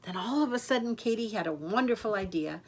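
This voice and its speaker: An older woman reading a children's picture book aloud in a lively, expressive way. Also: mid-range voice, fairly quick, husky. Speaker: storyteller. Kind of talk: children's story read-aloud.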